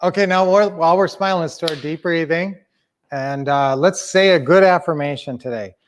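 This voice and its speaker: An upbeat male coach talking to his viewers in a loose, rambling way. His voice sits a bit high for a man, and he corrects himself as he goes. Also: fairly quick, a little hiss or hum. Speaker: sales coach and teacher. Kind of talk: casual live-stream coaching.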